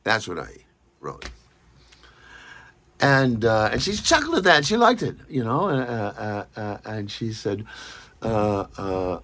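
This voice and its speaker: A man tells a story in a casual, animated way, stumbling over repeated words and acting out other people's lines. His voice sits low but sounds bright and forward, and it swings widely in pitch. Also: measured pace, husky. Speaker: podcast host.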